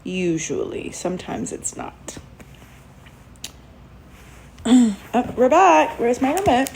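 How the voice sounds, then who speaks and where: A woman's voice: on the high side, very animated, slow pace, gravelly, darkish tone, slight background noise, poor audio. A woman chatting casually to her viewers on a livestream while she reacts to a TV show, laughing often.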